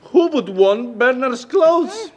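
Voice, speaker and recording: A man's voice: very high-pitched, sing-song, slow pace, a little mellow, heavily acted. An actor with an Argentinian accent playing a playful, teasing young man in a sitcom. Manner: jokey, teasing. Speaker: sitcom character. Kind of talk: scripted sitcom acting.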